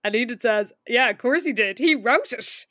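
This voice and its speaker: A woman's voice: a little high, animated, pushed and bright, dry recording, studio quality. A woman co-hosting a podcast, recapping a book in casual chat with wry asides and laughter. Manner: wry, laughing, recounts scenes with quick quoted asides. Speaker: podcast co-host.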